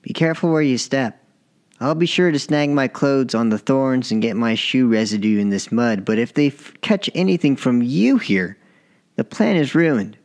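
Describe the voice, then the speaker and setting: A man's voice: mid-range voice, lively intonation, normal speed, darkish tone, pitched above the performer's own voice, lightly acted. A man voicing an ambitious, impatient young male writer in an audiobook story, talking with urgent insistence.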